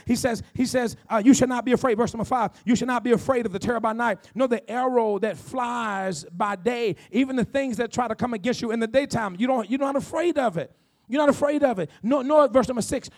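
High-voiced preaching man. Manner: preaching with rising shouts and call-outs to the congregation. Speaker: pastor. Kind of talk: sermon.

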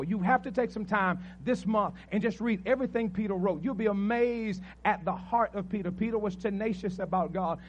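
A man preaching a sermon as pastor, telling a story with animated asides and repeated praise refrains. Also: high voice, highs cut off.

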